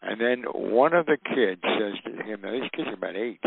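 An older man telling stories in an animated way, acting out the voices of the people in them. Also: on the low side, normal speed, creaky, husky. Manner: animated, acts out quoted voices. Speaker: guest storyteller. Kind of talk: recounting anecdotes. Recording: tinny phone-like radio line.

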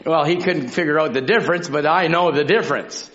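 A man preaching a sermon, telling stories from his own life with animated, dramatic delivery and occasional bursts of shouting. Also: on the high side, brisk. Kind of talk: sermon with personal testimony. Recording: dull lo-fi sound.

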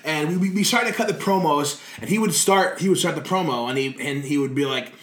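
A man being interviewed, telling stories in a lively way, swearing freely and laughing as he talks. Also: fairly high pitch, brisk. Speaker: guest wrestler. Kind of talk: casual interview storytelling. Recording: roomy echo.

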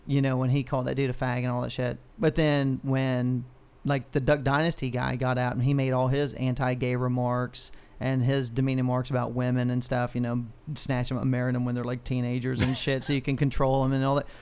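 A man's voice: medium pitch, a little fast, few pauses, clear, resonant tone. A man co-hosting a podcast, ranting in casual chat, heavy on profanity and rambling stories. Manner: profane, ranting, animated storyteller. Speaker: podcast co-host.

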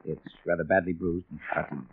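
An actor playing a calm, probing police investigator in a vintage radio drama, pressing with measured questions. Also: male voice, low voice, breathy edge. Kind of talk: 1940s radio acting. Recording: tinny old radio broadcast with faint hiss.

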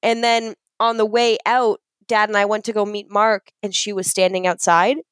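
A young adult woman co-hosting a podcast in casual chat, gushing and excitable as she tells a story. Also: medium pitch, moderate pace, smooth, no echo. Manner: excitable, gushing storyteller, fond of self-described geeking out. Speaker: podcast co-host.

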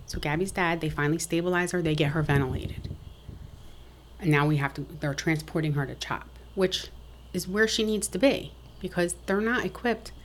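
A woman's voice: on the low side, normal speed, a little hiss or hum. A middle-aged woman telling a family story frankly and matter-of-factly as a podcast guest. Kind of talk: casual interview talk.

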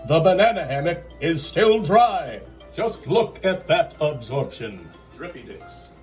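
A man voicing a pompous male doctor pitchman in a mock commercial, grandiose and mock-formal, from a distant ad clip with music. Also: expressive, a little slow, a little mellow.

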